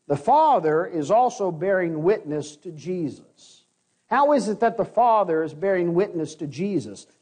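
A man's voice: high voice, darkish tone. A man preaching an expository sermon, explaining scripture verse by verse and reading passages aloud in an earnest tone.

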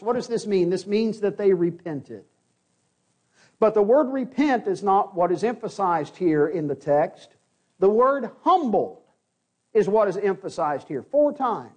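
A man's voice: high voice, a little mellow. A man preaching an expository sermon to his congregation, earnest and repeating key phrases for emphasis.

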